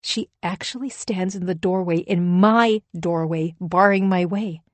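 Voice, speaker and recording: A woman's voice: fairly low pitch, a little slow, no echo. A woman reading a first-person thriller audiobook in a tense, emphatic storytelling manner. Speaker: audiobook narrator.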